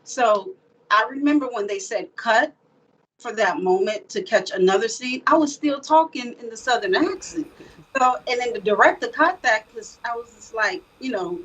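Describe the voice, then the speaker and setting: A woman from South Florida, an actress, talking through her craft in an easygoing interview with reflective, animated storytelling. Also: fairly high pitch, moderate pace, breathy edge, recorded from a distance, low-quality recording. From born in the Bahamas, raised in South Florida. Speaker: actress guest. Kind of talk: casual interview talk.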